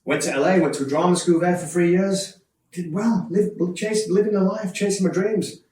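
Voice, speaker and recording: A man's voice: high-pitched, fairly even intonation, a little mellow. A man speaks earnestly and openly, often restarting his phrases. He sounds set back from the microphone in a roomy, echoing space with a faint hiss behind him. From Yorkshire, England. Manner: candid, earnest, quick restarts and repeats. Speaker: speaker sharing his life story. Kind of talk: personal testimony talk. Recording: echoey room from a distance.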